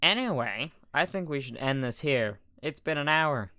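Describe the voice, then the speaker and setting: A man's voice: a little high, lively intonation, normal speed, bright, forceful tone, dry recording. A young man co-hosting a casual podcast chat, laughing and protesting in flustered bursts. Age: young adult. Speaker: podcast co-host.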